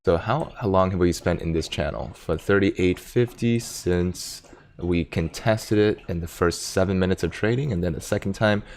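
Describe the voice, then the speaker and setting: A man with a very deep, gravelly voice hosts a casual livestream from his home desk. He chats loosely, reads viewer comments aloud and breaks off now and then to talk to his dog. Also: normal speed, darkish tone. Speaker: stock market livestream host. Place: home desk in Silicon Valley.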